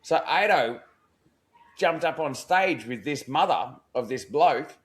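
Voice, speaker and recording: A man's voice: fairly high pitch, expressive, takes it slowly, fairly bright tone. An Australian man spins a long yarn on a podcast, full of slang and swearing. He acts out what each person in the story said. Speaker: podcast co-host. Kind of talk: casual storytelling chat.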